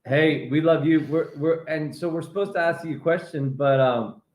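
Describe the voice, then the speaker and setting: A man's voice: on the high side, normal speed, echoey room. A male pastor joining a live chat as a guest by video call, talking in a playful, teasing way. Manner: playful, teasing, warm praise.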